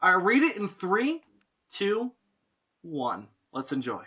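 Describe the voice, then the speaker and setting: A man with a high, lively voice hosts a casual podcast and eagerly steers his friends. His voice is a little husky, and the call line makes it dull and lo-fi. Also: slow pace. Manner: excited, directs the others. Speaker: podcast host running the game. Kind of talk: casual chat. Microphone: home mic over a voice call.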